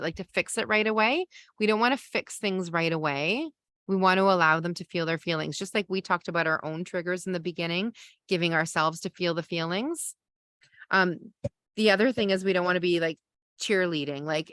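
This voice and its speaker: A woman's voice: lowish voice, normal speed, a bit bright, no room sound. A woman, a parenting coach and podcast host, teaching a masterclass in a conversational way and explaining with everyday examples.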